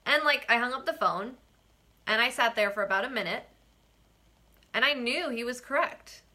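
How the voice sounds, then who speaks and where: A young woman hosts a casual live-stream vlog, her voice bright and forceful. She pitches a little high and keeps it chatty. She laughs often and acts out quoted exchanges. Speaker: real estate agent and vlog host.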